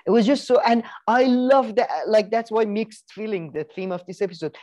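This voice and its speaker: A man's voice: high voice, normal speed, darkish tone. A man co-hosting a podcast in casual chat, rambling with many restarts, fillers and the odd swear word. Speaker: podcast co-host.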